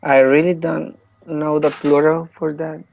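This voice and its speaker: Woman, low voice, hesitant with fillers, muffled lo-fi sound. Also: level tone, a little slow, vocal fry, a little hiss or hum. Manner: hesitant, soft-spoken, many fillers. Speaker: study group member. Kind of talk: casual group discussion.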